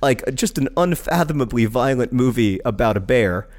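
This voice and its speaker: A man's voice: medium pitch, expressive, normal speed, a little mellow. A middle-aged man co-hosting a casual podcast, rambling and self-deprecating, with frequent fillers and restarts. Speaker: podcast co-host.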